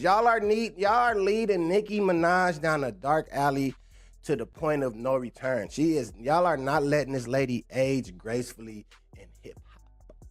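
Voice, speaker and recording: A man's voice: sits high, a bit bright. A young man, ranting casually on a livestream, slangy and laughing often. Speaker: livestream host.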